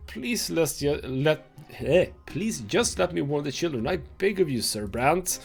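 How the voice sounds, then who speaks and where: A man's voice: a little high, expressive, measured pace, creaky, husky, faint music behind, heavily acted. A man voicing a desperate mother who begs for mercy in a game reading. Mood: pleading. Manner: pleading, begging. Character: desperate woman, a mother, pleading.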